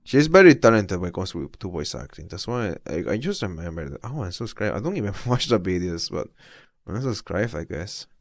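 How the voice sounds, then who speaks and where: A man's voice: sits low, big pitch swings, a little fast, no echo, studio quality. A young adult man streaming casual reaction commentary, rambling and laid-back.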